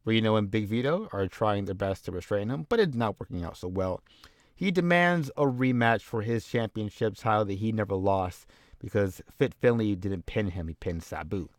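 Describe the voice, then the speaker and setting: A man's voice: lowish voice, expressive, normal speed, no echo, studio quality. A man casually narrating a wrestling game playthrough in an offhand, rambling way. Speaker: game commentator.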